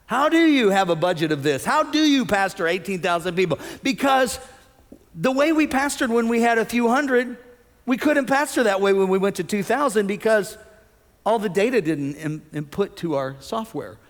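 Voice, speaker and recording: A man preaching a sermon as pastor, animated, acting out the voices he quotes. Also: sits high, moderate pace. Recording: long hall reverb.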